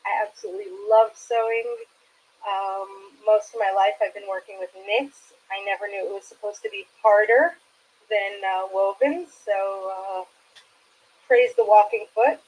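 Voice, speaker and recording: A woman introducing herself as a sewing educator, soft-spoken with frequent hesitations, on a video call. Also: mid-range voice, moderate pace, breathy edge, low-quality recording.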